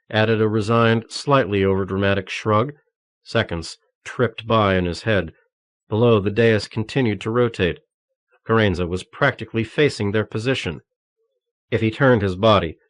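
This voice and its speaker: Man, audiobook narration, measured, low voice, dry recording. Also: no room sound. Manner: steady, measured reading.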